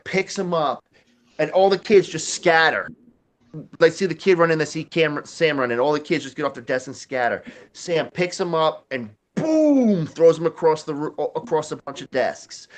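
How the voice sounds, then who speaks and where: A man's voice: fairly high pitch, a bit bright. A man, telling a rambling, profane story in casual chat, laughing often. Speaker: podcast host.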